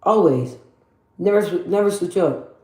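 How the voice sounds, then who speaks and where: A woman with a deep, bassy voice talks straight to her viewers while doing her makeup at home. She is blunt and slangy, and she drives her points home by repeating them. The room around her gives a noticeable echo. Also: expressive, unhurried, dark tone. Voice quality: deep for her, in her own words. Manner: emphatic, repeats phrases for emphasis, motivational. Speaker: vlogger. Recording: roomy echo.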